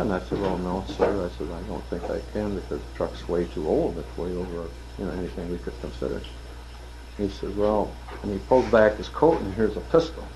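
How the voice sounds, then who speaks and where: A man's voice: fairly low pitch, moderate pace, noisy background. An older man casually telling work anecdotes, acting out the people he quotes and laughing at his own punchlines. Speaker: interviewee telling stories. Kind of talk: casual storytelling.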